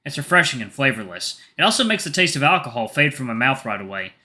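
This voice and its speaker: Man reading a story, sharp bright voice. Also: mid-range voice, sing-song, fast. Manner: plain reading with small slips and restarts. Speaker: narrator reading a visual novel. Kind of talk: first-person story reading.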